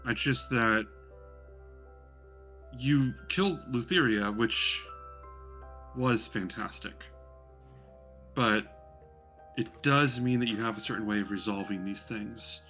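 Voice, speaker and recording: A man's voice: fairly low pitch, takes it slowly, long pauses, bright, forceful tone, faint music behind. A man voicing a grand, haughty seven-foot-tall noblewoman who is gracious but condescending. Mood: cool. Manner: theatrical, gracious yet condescending.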